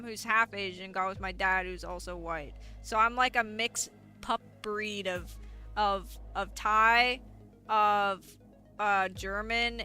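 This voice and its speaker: A woman's voice: mid-range voice, pushed and bright. A woman streamer chatting casually and playfully, often laughing as she reads chat.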